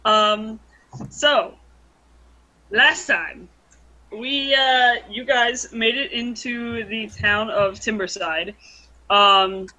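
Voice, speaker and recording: A young woman running a tabletop game over a voice call, recapping the last session slowly, with lots of ums and easy laughs. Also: on the high side, sharp tone, poor audio. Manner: unhurried, filler-heavy, laughs easily. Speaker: game master. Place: room at home. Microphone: computer mic on a voice call.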